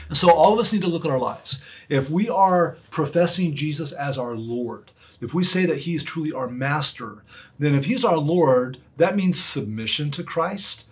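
Husky-voiced man preaching earnestly. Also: mid-range voice, expressive, moderate pace. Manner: earnest, emphatic preaching with repetition. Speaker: pastor. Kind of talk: sermon.

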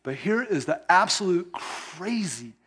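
High-voiced animated preaching man. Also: unhurried, breathy edge. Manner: animated, conversational preaching with chuckles. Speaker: pastor. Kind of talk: sermon.

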